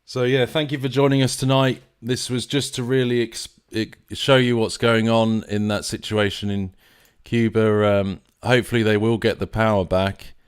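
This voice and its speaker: A man's voice: fairly low pitch, little pitch movement, normal speed, hardly any pauses, smooth. A man from near London with an English accent, hosting a live stream in a casual, rambling way with many fillers and restarts. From England, near London.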